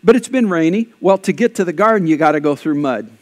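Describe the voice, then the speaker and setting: A man pastor preaching a lively sermon, shifting between conversational asides and loud, emphatic bursts. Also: fairly high pitch, fast talker. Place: church.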